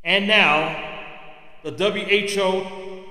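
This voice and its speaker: A man's voice: high-pitched, drawn-out words, sharp tone. A man hosting a podcast, delivering an angry political rant. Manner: angry, ranting. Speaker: podcast host. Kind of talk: political commentary monologue. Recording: roomy echo with long reverb.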